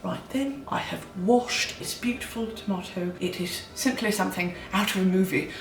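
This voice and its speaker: A woman's voice: mid-range voice, moderate pace, over music. Cheeky woman in a mock English accent. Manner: giggly, self-mocking asides. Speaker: host. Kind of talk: comedic cooking vlog. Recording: echoey room, mic at a distance.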